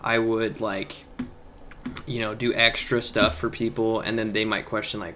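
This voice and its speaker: A young man co-hosting a podcast, talking casually in a halting, rambling way full of fillers. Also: fairly low pitch, bright, forceful tone. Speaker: podcast co-host. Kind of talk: casual chat. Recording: faint background noise.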